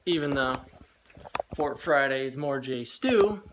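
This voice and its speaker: A young man vlogs in an easygoing, unhurried way, talking straight to his viewers. The recording carries heavy background noise. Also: medium pitch, lively intonation. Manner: slow, chatty, drops to a whisper while hiding. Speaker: vlogger. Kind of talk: casual vlog chat. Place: inside a store.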